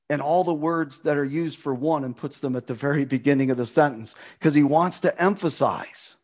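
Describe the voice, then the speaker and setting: A man's voice: on the high side, normal speed, hardly any pauses, darkish tone, lo-fi sound. A man preaching a sermon on a Bible passage, emphatic, repeating key words for stress.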